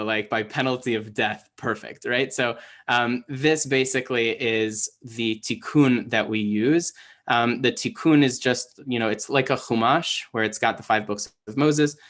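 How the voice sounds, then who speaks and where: A young man with a voice of ordinary pitch teaches Hebrew reading in an online class. He talks loosely and conversationally, full of "um" and "right?", often restarting his sentences. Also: a bit bright. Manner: casual, many fillers and restarts. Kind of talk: online lesson, explaining.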